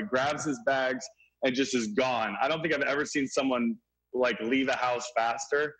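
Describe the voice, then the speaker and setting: A young man excitedly telling a story in an interview, filled with "like" and acted-out quotes. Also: medium pitch, normal speed, low-quality recording. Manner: animated, filler-heavy, acts out quotes. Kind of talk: excited anecdote.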